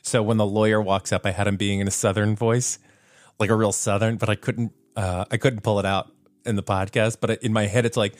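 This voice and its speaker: A man's voice: on the low side, level tone, brisk, dry recording. A man hosting a solo podcast in a casual, self-deprecating way, laughing at himself and using plenty of fillers. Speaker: podcast host.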